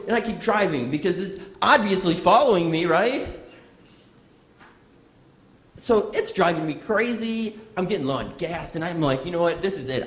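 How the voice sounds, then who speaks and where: Animated man doing stand-up in a roomy club. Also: sits high. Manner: animated storytelling, audience asides. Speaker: stand-up comedian. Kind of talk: stand-up comedy set. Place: comedy club stage with live audience. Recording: roomy live venue sound.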